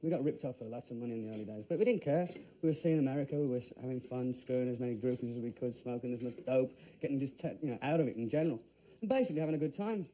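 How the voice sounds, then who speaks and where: Fast-talking, dark-voiced man. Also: mid-range voice, a little hiss or hum. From Birmingham, England. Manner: rambling, candid, lists things off. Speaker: veteran rock singer. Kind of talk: documentary interview.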